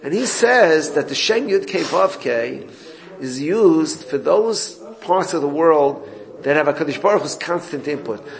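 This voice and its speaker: Gravelly man teaching a Torah class. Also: fairly high pitch, animated, measured pace, crowd noise. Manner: explanatory, reads Hebrew text then translates.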